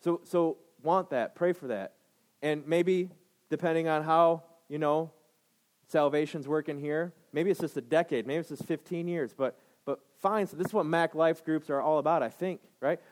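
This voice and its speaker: Preaching at a moderate pace, a pastor in his thirties speaks with a voice on the high side. He addresses the congregation emphatically, repeating phrases and checking in with "right?"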